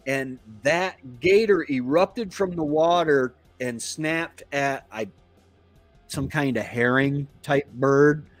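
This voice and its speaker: A man from Florida who hosts a homestead live stream, telling a casual story in a meandering, halting way. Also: a little high, no echo. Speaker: homestead channel host.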